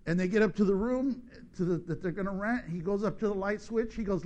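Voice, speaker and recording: A man's voice: high-pitched, a little fast, dull audio. A middle-aged man preaching a sermon, joking and acting out little voices as he goes. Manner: animated, joking, acts out voices.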